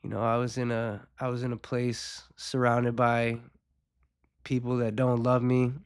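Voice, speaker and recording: A man hosting his own show, talking candidly and unhurriedly about his recovery, his voice nasal from a recent cold, with soft rueful laughs between thoughts. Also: mid-range voice, monotone, unhurried, smooth, no echo, studio quality. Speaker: podcast host. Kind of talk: reflective personal talk on addiction recovery.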